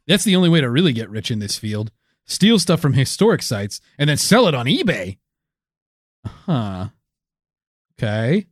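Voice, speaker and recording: A man's voice: medium pitch, sing-song, normal speed, long pauses, dry recording, studio quality, pitched below the performer's own voice. A man voicing a boastful, roguish male archaeologist and college professor who loots antiquities, talking with brash self-promotion.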